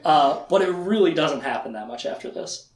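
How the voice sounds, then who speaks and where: Animated, chatty book podcast host. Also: medium pitch, moderate pace, roomy sound, slight background noise. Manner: animated, chatty, laughing asides. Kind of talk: casual book recap.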